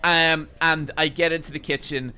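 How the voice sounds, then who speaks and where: A man streaming a game while telling a casual, animated story and swearing freely. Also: a little high, moderate pace, smooth, soft background music.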